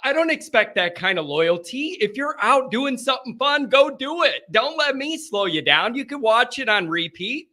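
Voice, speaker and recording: A man hosting a live call-in show, chatting casually in an energetic, rambling, joking way from a green-screen set. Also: extremely high pitch, normal speed, hardly any pauses.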